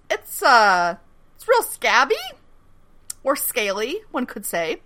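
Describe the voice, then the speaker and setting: A woman's voice: medium pitch, sing-song, a little slow, sharp tone. A woman co-hosting a podcast, chatting casually and animatedly as she recaps a TV episode, swearing, laughing often and acting out characters' lines. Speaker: podcast co-host recapping a TV show. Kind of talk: casual chat.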